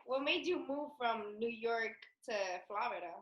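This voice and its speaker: A woman's voice: on the high side, normal speed, highs cut off. A woman co-host interviewing a guest over a video call, asking hesitant questions full of fillers. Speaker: podcast co-host.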